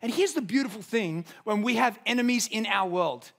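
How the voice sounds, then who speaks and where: A young man preaches in a high, bright-toned voice. He tells stories in an easy way, then drives his points home with rising emphasis. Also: expressive, a little fast, vocal fry. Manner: storytelling, rises to emphatic peaks. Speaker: pastor. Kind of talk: sermon.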